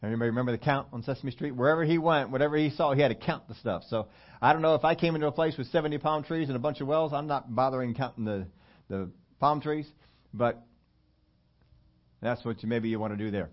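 A man preaching a sermon, acting out whiny complaining questions, then dropping low and slowing for emphasis. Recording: dull lo-fi sermon recording.

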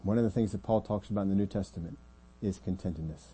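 A church pastor preaches a sermon earnestly, often letting his voice drop quiet to make a point. His voice sits low, fast, with a breathy edge.

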